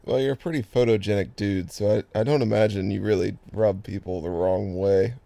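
A man hosting a laid-back interview, joking with his guest as he asks questions. His voice is very deep and mellow. The sound is dry and close. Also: steady tone, fairly quick, gravelly, no echo. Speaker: interview host. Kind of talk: casual interview chat.

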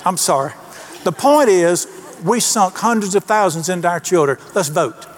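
A man's voice: sits high, brisk, a bit bright, a little hiss or hum. A middle-aged man preaching a sermon in a folksy, emphatic way, asking the congregation questions. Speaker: pastor.

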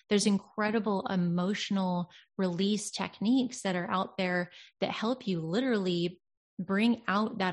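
Woman, 30s, earnest reflective podcast talker, mid-range voice. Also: medium pitch. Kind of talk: casual conversation.

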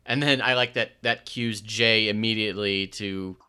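A man co-hosting a casual podcast, recapping a show episode in an easygoing way. His voice sits a bit low but rings bright and very clear. He talks loosely, with frequent fillers and self-corrections. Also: steady tone, moderate pace. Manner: laid-back, many fillers and restarts, laughs often. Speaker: podcast co-host.

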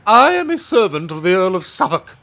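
A man's voice: sits high, very animated, fairly quick, bright, forceful tone, pitched above the performer's own voice, exaggerated voice. A man playing a pompous, haughty servant of an earl in a comedy sketch. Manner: haughty, indignant.

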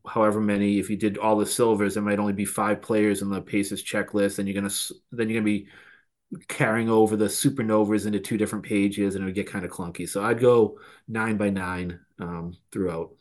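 A man with a Boston accent talks as a podcast guest. His voice sits a bit low. He explains things in an animated way, in quick bursts. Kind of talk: casual podcast chat.

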